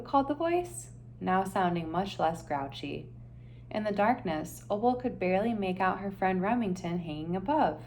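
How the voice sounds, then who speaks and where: A woman reading a children's picture book aloud in an expressive, gentle storytelling manner. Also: on the low side, moderate pace. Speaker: storybook reader.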